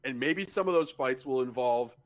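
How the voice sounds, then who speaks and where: A man's voice: medium pitch, normal speed. A man co-hosting a casual sports podcast, talking bluntly and analytically and swearing freely. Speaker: podcast co-host.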